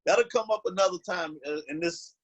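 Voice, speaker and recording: A man's voice: sits high, moderate pace, over a noisy crowd, poor audio. A man hosting an interview, asking questions casually and encouragingly. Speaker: podcast host.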